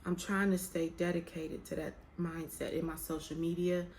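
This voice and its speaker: Low, gravelly-voiced woman sharing her faith. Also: little pitch movement, normal speed, a little mellow, slight background noise. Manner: candid, emotional, colloquial, drawls some words. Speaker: faith vlogger. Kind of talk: casual heartfelt chat to camera. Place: room with some echo.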